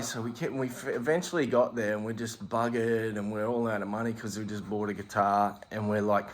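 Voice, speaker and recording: A man's voice: fairly low pitch, fairly even intonation, a little fast, hardly any pauses. An Australian man, a podcast co-host, telling a rambling story in casual chat, acting out the voices and swearing freely.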